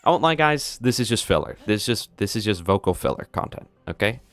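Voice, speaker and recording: A man streaming a game live, telling rambling pun jokes to his chat and bursting into excited reactions. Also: fairly quick, no room sound. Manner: animated, jumps into high excited outbursts. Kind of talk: live gameplay commentary.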